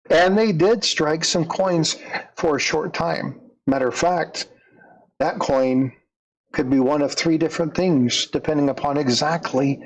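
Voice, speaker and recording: A man's voice: fairly high pitch, rough recording. A man narrating a story in a conversational way, leaning into the dramatic moments. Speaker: storyteller, coin channel host.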